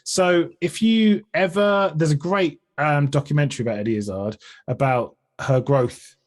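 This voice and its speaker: A man's voice: a little high, moderate pace. A man with an English accent, a comedian and streamer talking as a guest on a podcast, earnest and chatty, often restarting his sentences. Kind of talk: casual conversational interview.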